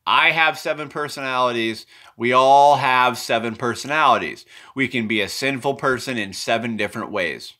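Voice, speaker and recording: A man rambling through an unscripted explanation of his drawings, repeating and correcting himself as he goes, often sinking low and quiet at the ends of phrases. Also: normal speed, hardly any pauses. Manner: meandering, repetitive, self-correcting.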